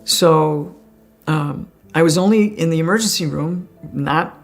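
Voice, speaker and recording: Gravelly low-voiced woman telling her story. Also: measured pace, soft background music. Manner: conversational, often laughs while telling. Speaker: guest sharing a near-death experience. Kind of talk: personal storytelling.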